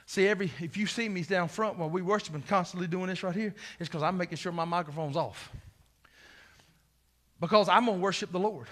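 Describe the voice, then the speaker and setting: Male pastor, very high bright voice, sermon, shouts then drops to near-whispers. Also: brisk. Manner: swings from shouting to hushed asides.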